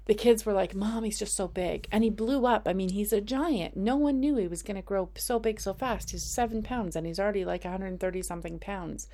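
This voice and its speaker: Gravelly woman in her fifties. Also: mid-range voice, a little fast, few pauses, warm tone. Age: 50s. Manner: rambling, chatty, heavy on fillers like "like". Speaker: host of weekly inspirational messages. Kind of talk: casual personal monologue.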